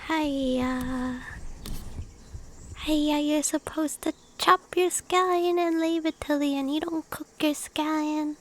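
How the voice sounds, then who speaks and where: A woman putting on a scolding middle-aged male cooking critic, loud and exaggerated in a mock-scolding way. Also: high voice, fairly even intonation, slow, a little hiss or hum.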